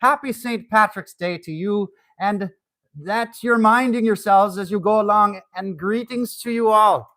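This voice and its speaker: A man's voice: high-pitched, a little slow, bright, forceful tone, rough recording. A man with a Dublin Irish accent giving a friendly, formal recorded greeting. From Ireland.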